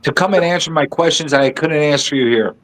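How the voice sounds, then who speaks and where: A man's voice: a little high, fast talker, a bit bright, a little hiss or hum. A man co-hosting a comic book podcast in casual chat, stammering as he plays at being indignant.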